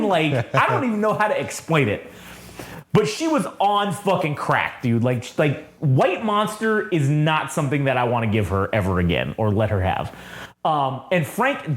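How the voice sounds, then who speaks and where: A man co-hosting a podcast, telling a casual story in an animated way, swearing often and saying "like" a lot. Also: a little high. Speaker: podcast co-host. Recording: echoey room.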